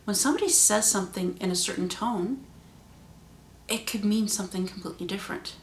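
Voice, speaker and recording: Expressive woman vlogger in a roomy space. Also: fairly quick, slight background noise. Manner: expressive, varies pitch and loudness for emphasis. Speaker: channel host. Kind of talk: talking to camera in a vlog. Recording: roomy echo.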